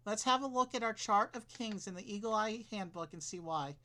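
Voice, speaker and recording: A man's voice: high voice, brisk, sharp tone. A man voicing a curious, skeptical young boy in plain read-aloud delivery for a game.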